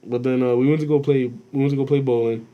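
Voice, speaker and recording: A young man co-hosting a podcast, telling a story in casual chat, animated and profane, laughing as he goes. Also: medium pitch, fast talker, dull audio. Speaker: podcast co-host.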